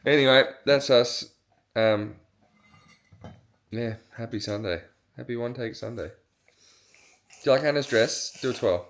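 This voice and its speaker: A woman's voice: a bass voice, animated, unhurried, long pauses. A young mother, chatty and laughing often, cooing at her baby in a casual family vlog.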